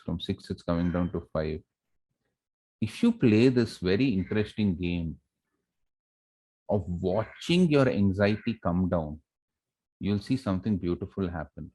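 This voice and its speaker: A man's voice: low-pitched, dark tone. A middle-aged man with an Indian English accent giving a motivational lecture to students on facing exams, repeating key phrases and quizzing his listeners with rhetorical questions. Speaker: college academic director giving exam advice.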